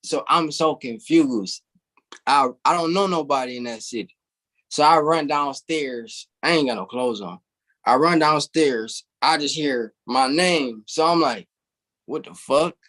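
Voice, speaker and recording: As a guest in an interview, a young man spins a long, animated story in a casual way, laughing and swearing freely throughout. He speaks unhurriedly in a fairly high, fairly bright voice.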